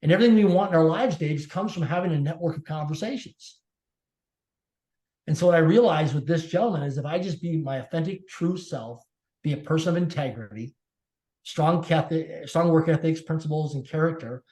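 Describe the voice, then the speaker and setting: A man's voice: on the high side, fairly quick, dark tone. A man telling a personal story as a podcast guest, emphatic and repeating his key phrases. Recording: echoey room.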